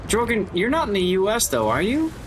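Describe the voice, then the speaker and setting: Over a noisy background full of game gunfire, a streamer talks a little fast in a high voice whose pitch swoops wildly. He keeps things chatty and jokey with his live viewers, greeting chat as he plays.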